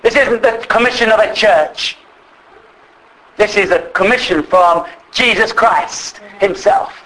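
A male preacher delivering a fervent sermon in a high, bright voice. He presses his points hard and calls the listeners brethren, now and then rising to a shout. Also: unhurried, poor audio. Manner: impassioned, rises to shouts; addresses congregation as brethren.

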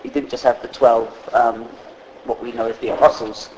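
A man preaching a sermon in a conversational, halting way, with fillers and restarts, reading scripture aloud. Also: medium pitch, level tone, a little mellow, slight background noise, poor audio.

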